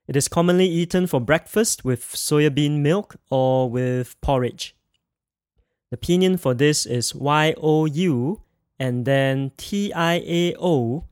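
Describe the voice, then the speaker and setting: Slow, careful male language teacher. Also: a little high, no echo, studio quality. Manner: slow, careful enunciation with drilled repetitions. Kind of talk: recorded pronunciation lesson.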